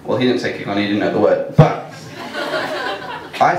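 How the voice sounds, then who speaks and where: With a fairly low, slightly mellow and expressive voice, a man tells a funny story about himself at a normal speed, leaving long pauses. He's casual and self-mocking, laughing through his lines before an audience at a live storytelling venue, captured by a distant mic in an echoey hall.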